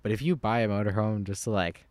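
Teen dude rambling on a podcast, says like a lot, deepish voice, dead dry room. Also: male voice, fast, darkish tone, no echo. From Canada. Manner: rambling, full of "like" fillers. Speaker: podcast co-host. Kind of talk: casual chat.

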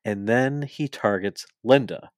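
A man co-hosting a podcast, excitedly recapping wrestling in casual, profane chat and laughing as he goes. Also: fairly low pitch, a little slow, no room sound, clean studio sound. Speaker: podcast co-host.

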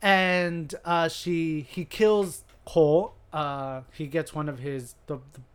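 Male podcast co-host, a bit higher voice, animated casual storyteller. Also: slow pace, smooth. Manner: animated storyteller, laughs easily. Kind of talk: casual movie recap chat. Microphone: podcast microphone.

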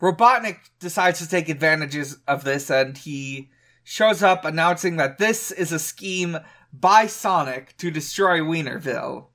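A man's voice: on the high side, animated, unhurried, sharp tone. A man co-hosting a casual podcast, recapping an episode with many fillers and restarts. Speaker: podcast co-host. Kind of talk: casual chat.

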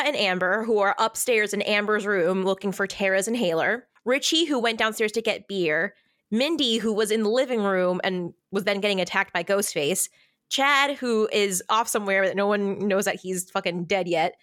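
A woman's voice: mid-range voice, moderate pace, fairly bright tone, no room sound, studio quality. A woman co-hosting a podcast and casually retelling a horror film's plot. She swears a lot and laughs often. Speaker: podcast co-host. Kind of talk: casual film recap chat.

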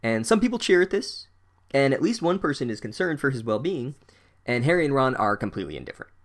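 A man riffs through a comedic recap in a sarcastic, profane voice of middle pitch. He drops into deadpan asides, then jumps to loud, incredulous outbursts. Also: quick pace. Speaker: podcast host recapping a book.

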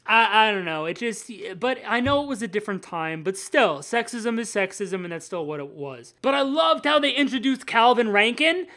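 A woman co-hosting a casual comics podcast, animated, swearing freely and acting out quotes in funny voices. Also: on the high side, moderate pace, hardly any pauses. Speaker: podcast co-host. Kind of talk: casual chat about comics.

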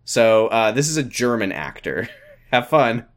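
A man's voice: medium pitch, big pitch swings, a little slow, fairly bright tone. A man co-hosting a comedy podcast, making wry, sarcastic asides in casual banter. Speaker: podcast co-host.

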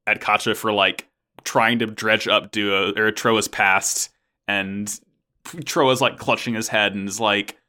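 A young man chatting about an anime episode, animated, acting out characters' lines and swearing casually. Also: on the low side, slow pace. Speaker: podcast co-host. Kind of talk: casual anime recap chat.

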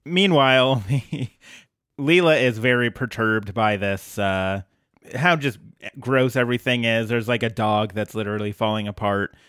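A man's voice: medium pitch, fairly bright tone, clean tone, no echo, clean studio sound. A man co-hosting a podcast, recapping a cartoon episode in casual chat with an easygoing, wry manner. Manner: wry, easygoing, quick quips. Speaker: podcast co-host.

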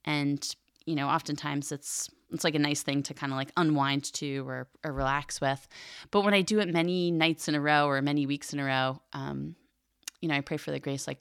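A woman's voice: deep voice, fairly even intonation, moderate pace, vocal fry, fairly bright tone, clean tone, no room sound, studio quality. A woman speaking in a casual, reflective teaching style about faith, chatty and earnest, with lots of "like" and "um.". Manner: chatty, many fillers like "like" and "um". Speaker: Catholic catechism podcast co-host.

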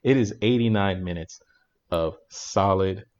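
Man, lowish voice, chatty movie-review co-host, laughs a lot, dull lo-fi sound. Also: a little slow. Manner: animated, laughing retelling with restarts. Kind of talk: casual movie review chat.

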